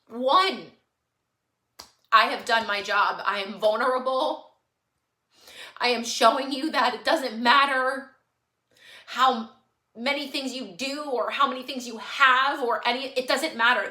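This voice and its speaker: A woman's voice: fairly high pitch, pushed and bright, echoey room. Earnest tearful woman on a livestream. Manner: earnest, pleading, repeats herself for emphasis. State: tearful, on the verge of crying. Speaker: online shop owner on a livestream. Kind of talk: emotional livestream monologue to followers.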